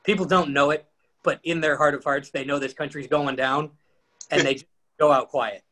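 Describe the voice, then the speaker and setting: A man chatting casually with a friend, delivering dark jokes in a dry, deadpan way. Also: a little high, normal speed. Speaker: podcast co-host. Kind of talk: casual comedic chat.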